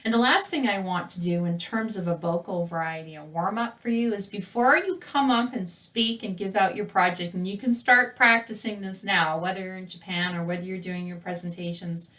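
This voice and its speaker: A woman teaches public speaking in a fairly low voice, talking as if across a café table. Her delivery is lively, and her voice rises and falls. She sits a little back from the microphone. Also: moderate pace, few pauses, recorded from a distance. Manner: lively conversational delivery, voice rising and falling. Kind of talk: presenting a recorded lesson to camera.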